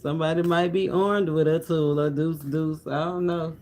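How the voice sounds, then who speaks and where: A man's voice: on the high side, fairly even intonation, moderate pace, darkish tone, slight background noise, low-quality recording. A man giving a casual tarot reading to viewers, talking in a loose, repetitive, preacher-like rhythm with asides to the audience. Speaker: tarot reader.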